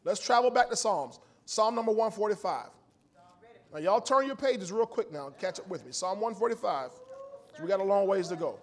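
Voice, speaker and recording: A pastor preaching a sermon in church, folksy and lively, swinging from loud emphasis to low storytelling and laughing often. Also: male voice, brisk. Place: church sanctuary.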